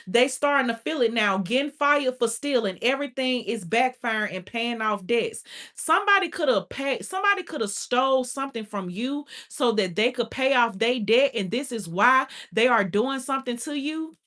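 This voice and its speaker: A woman's voice: fairly high pitch, animated, moderate pace, few pauses, a bit bright. A woman giving a casual spoken tarot reading, blunt and profane, with constant filler "like". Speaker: tarot reader.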